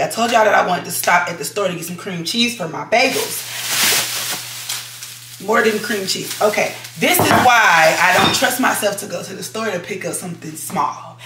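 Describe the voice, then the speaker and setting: A woman vlogger talks to her audience in a loose, candid ramble, dropping casual swears. Her voice has a gravelly fry running through it. The sound bounces around a roomy home kitchen, with a faint hiss underneath. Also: medium pitch, a bit bright. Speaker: lifestyle vlogger. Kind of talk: casual chat to camera.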